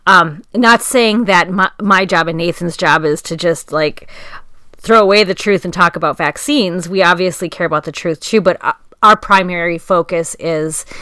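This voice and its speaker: Low, smooth-voiced woman podcast host. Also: bright, forceful tone, dry recording, studio quality. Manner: earnest, searching, halting questions. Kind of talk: podcast interview.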